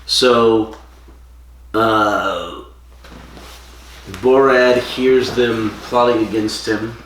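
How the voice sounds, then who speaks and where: A man's voice: lowish voice, steady tone, drawn-out words, a bit bright, a little hiss or hum. A man co-hosting a casual podcast, rambling through a plot recap and stopping to search for names. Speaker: podcast co-host. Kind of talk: casual chat. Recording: echoey room, distant mic.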